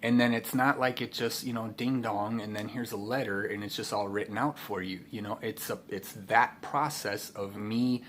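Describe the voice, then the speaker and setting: A man's voice: on the low side, fairly even intonation, moderate pace, few pauses, fairly bright tone, slight background noise. Rambling man giving a spiritual talk. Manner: rambling, many fillers and restarts. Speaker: spiritual teacher.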